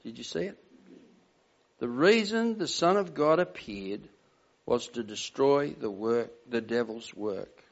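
A man's voice: medium pitch, lively intonation, takes it slowly, gravelly. An older man preaching a sermon in an earnest, emphatic way, often putting questions to the congregation. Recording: dull lo-fi sound.

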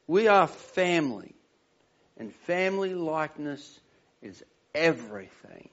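A man's voice: fairly high pitch, big pitch swings, a little slow, a bit bright. Earnest older male preacher, lo-fi. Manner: earnest, emphatic, asks the congregation questions. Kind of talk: sermon. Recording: dull lo-fi sound.

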